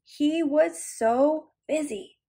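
A woman's voice: sits high, extremely slow, vocal fry, dark tone. A woman leading a preschool circle time lesson and reading a picture book aloud, encouraging and sounding out letters. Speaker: preschool teacher.

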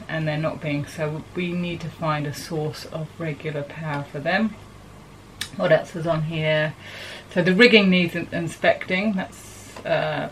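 Woman, New Zealand accent, sailing vlogger, dry matter-of-fact talk, fairly low pitch, on a boat. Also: slight background noise, low-quality recording. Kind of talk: casual talk to camera. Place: aboard a sailboat.

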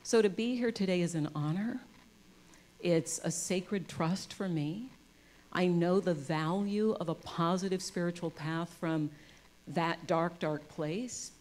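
A woman speaking as a guest at a church service, giving an inspirational talk on love and spirituality with self-deprecating humor. She swings from soft and intimate to loud and emphatic and acts out the voices of people in her stories. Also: fairly low pitch, takes it slowly. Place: in front of a live congregation.

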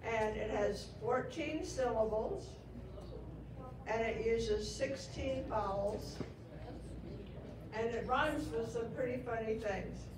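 A chatty, self-mocking Mary Poppins, played by a woman performs at a live public event. Her voice sits slightly high. The sound is echoey and distant, with clear ambient noise around it. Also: slow pace, pauses often. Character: Mary Poppins, woman, jokey magical nanny turned caretaker. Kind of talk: comic live character performance.

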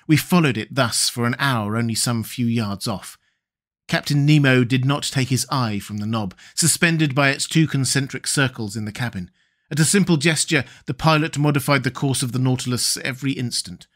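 A man narrating a classic adventure novel as an audiobook reader in a measured, steady way. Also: medium pitch. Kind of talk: scripted narration.

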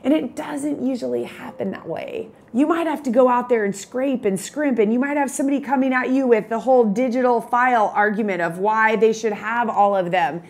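A woman in her fifties who coaches photography business owners. She gives an energetic motivational talk and tells stories in a chatty way. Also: on the high side.

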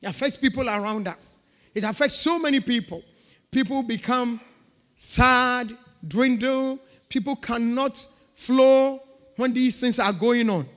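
A woman's voice: fairly high pitch, a little slow, a bit bright. A woman pastor preaching a sermon with emphatic, repeated phrases. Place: church. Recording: long reverb of a church hall.

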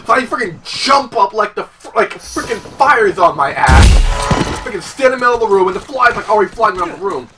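A man's voice: high-pitched, sing-song, brisk, noisy background. A young man hosting a let's play, rambling through a story and swearing often as he plays. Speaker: gaming channel host. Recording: voice from far off under loud game sound.

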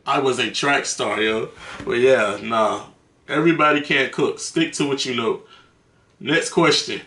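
A man's voice: mid-range voice, unhurried, pushed and bright. A man telling stories to the camera in a casual, slangy, profane way, laughing between them. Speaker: vlogger. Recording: roomy echo.

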